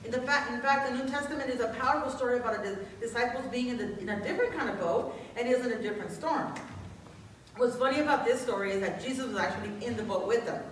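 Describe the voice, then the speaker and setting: A woman's voice: on the high side, fast talker, a little hiss or hum. A woman pastor giving an informal sermon, talking in a conversational, personal storytelling way. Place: church sanctuary. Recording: echoey room, distant mic.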